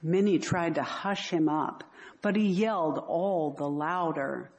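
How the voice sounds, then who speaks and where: A woman reading a scripture passage aloud in a measured, unhurried way. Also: low-pitched. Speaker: scripture reader.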